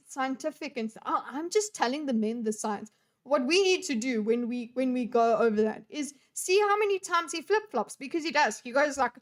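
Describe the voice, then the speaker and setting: A young adult woman giving casual reaction commentary on a debate video, talking bluntly with plenty of swearing and exasperation. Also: fairly high pitch. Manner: blunt, profane, exasperated ranting.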